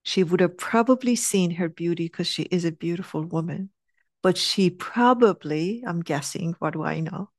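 A middle-aged woman telling a heartfelt personal story, earnest and animated, sometimes dropping to a soft hush. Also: lowish voice, normal speed, dry recording, clean studio sound. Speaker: speaker sharing a personal story.

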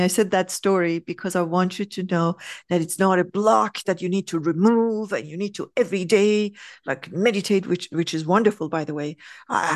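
A woman's voice: on the low side, dry recording. Woman coaching on spiritual stuff, chatty, acts out stories, dry sound. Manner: animated storyteller, acts out quotes; slows down to stress points. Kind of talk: casual spiritual conversation.

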